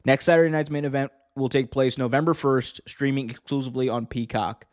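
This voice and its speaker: A man's voice: medium pitch, steady tone, brisk, a little mellow. A man hosting a casual wrestling news podcast, rambling, joking and correcting himself as he goes. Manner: rambling, self-correcting, jokey. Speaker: podcast host.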